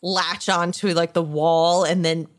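A woman playing a tabletop role-playing game, talking in an animated, giggly way. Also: on the low side, unhurried. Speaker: player.

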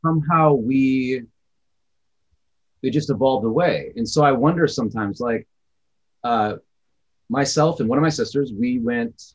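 A man's voice: medium pitch, measured pace, pauses often, highs cut off. A man from Wisconsin, co-hosting a casual podcast chat, telling stories in a reflective, rambling way. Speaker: podcast co-host.

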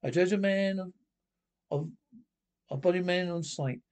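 An actor playing a blustering middle-aged army drill sergeant in a 1950s British film comedy. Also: male voice, high-pitched, darkish tone. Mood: stern. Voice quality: brisk barking commands.

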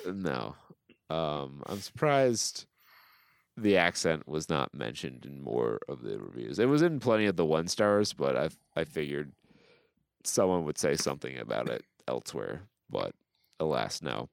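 A man's voice: very deep voice, big pitch swings, a little slow, vocal fry, dry recording, clean studio sound. A man hosting a podcast in casual chat, joking and reading reviews aloud with dramatic flair. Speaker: podcast host.

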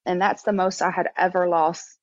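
A woman in her thirties, a podcast guest in a candid interview conversation, talking haltingly with many fillers and restarts and getting emotional. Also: on the low side, little pitch movement, dry recording. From Texas. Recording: dull, slightly lo-fi dry sound.

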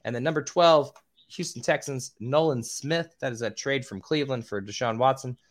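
Man, podcast host, casual, swears, trips over names, squeaky voice, mid pitch. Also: normal speed.

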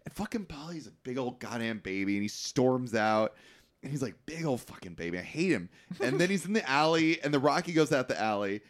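A man tells a movie's story to his co-host, his pitch swinging widely as he acts out the characters. He swears casually. The talk is loose and conversational. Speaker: podcast co-host. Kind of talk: casual movie recap chat.

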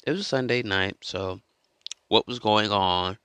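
A man's voice: fairly low pitch, unhurried, bright, forceful tone, clean tone, no echo. A man telling a story in a casual monologue, rambling and repeating himself as he goes. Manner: rambling and repetitive, restarts a lot. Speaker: vlogger.

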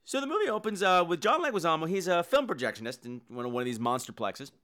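A man's voice: fairly high pitch, big pitch swings, fast talker, pushed and bright. A man hosting a casual, comedic movie review show, full of campy, sarcastic asides. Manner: breaks into sung and squealed impressions.

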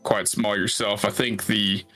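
Bright-voiced, joking man player. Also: on the low side, level tone, unhurried. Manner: joking, casual. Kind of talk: casual tabletop play.

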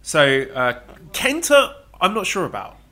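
A man co-hosting a casual podcast, going through names methodically in a measured way. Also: high voice, very animated, bright, forceful tone. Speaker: podcast co-host. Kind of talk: casual podcast chat about wrestling.

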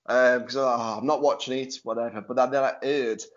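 A man with a Stoke-on-Trent accent hosts a podcast in easygoing chat. His voice sits at a medium pitch, and he talks in a chatty way and laughs easily. The audio sounds dull and lo-fi. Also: fairly even intonation, fairly quick. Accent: Stoke-on-Trent English. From Stoke-on-Trent, England. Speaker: podcast host. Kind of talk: casual chat.

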